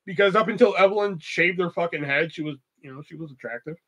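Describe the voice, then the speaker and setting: A man's voice: on the high side, quick pace, fairly bright tone. A young man hosting a podcast, telling a story in a loose, profane, rambling way full of fillers. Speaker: podcast host. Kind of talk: casual storytelling.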